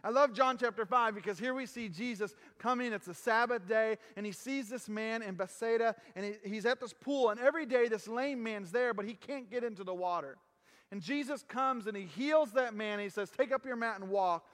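High-voiced preacher in an echoing hall. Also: male voice, fairly quick, a bit bright. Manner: earnest, emphatic, drops low on key phrases. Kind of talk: sermon. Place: church sanctuary. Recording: long reverb of a large hall.

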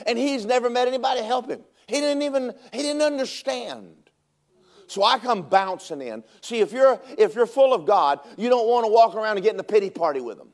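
A pastor with a very high voice delivers his sermon fairly quickly, telling stories with animated energy that climbs to shouting at its peaks.

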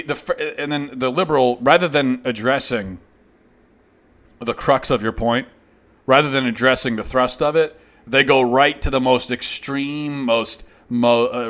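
A man's voice: mid-range voice, a bit bright. A man hosting a show, delivering a heated, sarcastic opinion monologue in reply to a critic. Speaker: host.

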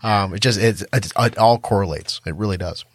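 A man speaking as a podcast guest in a thoughtful, measured way. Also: lowish voice, a little hiss or hum. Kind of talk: casual podcast chat.

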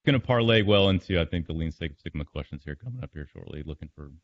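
A male interviewer in a conversational interview, leading with quick, affirming interjections. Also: low voice, animated. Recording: dry lo-fi recording.

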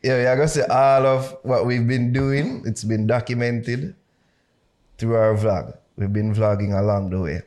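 A man's voice: mid-range voice, moderate pace, a little mellow. A young adult man, co-hosting a podcast in easygoing casual chat. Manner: easygoing, laughs often. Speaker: podcast co-host.

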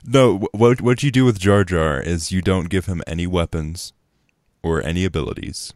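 Really deep-voiced guy hosting a podcast, super eager, dry close sound. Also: moderate pace, a little mellow, no echo. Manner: eager, agreeing enthusiastically. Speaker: podcast host. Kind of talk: casual chat.

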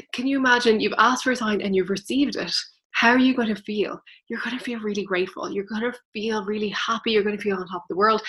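A woman's voice: a little high, a bit bright. A woman giving a spiritual guidance talk as a teacher, earnest and explanatory, speaking directly to her listeners.

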